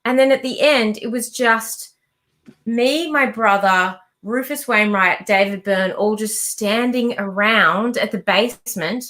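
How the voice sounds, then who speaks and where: A woman's voice: a little high, a little slow, a bit bright. A woman, a musician guest, telling stories in a casual chat and swearing casually. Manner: chatty storyteller, swears casually.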